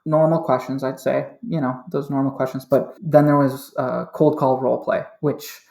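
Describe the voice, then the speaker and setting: Laughing easily, a podcast guest who is a sales manager recounts his career change in candid, casual conversation. His mid-range voice is level, somewhat creaky and a little mellow, delivered at a moderate pace in an echoey room.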